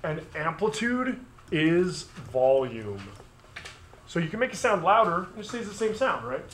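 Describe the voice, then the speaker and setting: A man teaching physics to a class, brisk and conversational, with joking asides. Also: on the high side, big pitch swings, slight background noise. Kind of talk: classroom review lesson.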